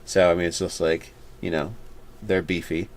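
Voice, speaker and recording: An easygoing man hosts a casual chat about tabletop games, pausing on fillers as he talks. His voice sits on the low side. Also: little pitch movement. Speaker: host.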